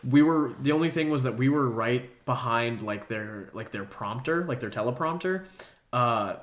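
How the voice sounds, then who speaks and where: A young man co-hosting a casual podcast. He talks at a middling pitch and wanders through a long anecdote. He curses offhandedly and slips into other people's voices when he quotes them. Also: moderate pace, a bit bright. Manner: rambling storyteller, swears casually. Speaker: podcast co-host.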